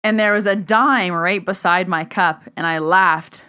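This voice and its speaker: A woman's voice: fairly low pitch, measured pace, sharp tone, smooth. A young woman hosting her own podcast, chatting casually and telling stories, often saying "like" and acting out the dialogue. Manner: chatty storyteller, acts out dialogue, says "like" often. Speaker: podcast host and medium. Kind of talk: casual solo podcast chat. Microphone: podcast microphone.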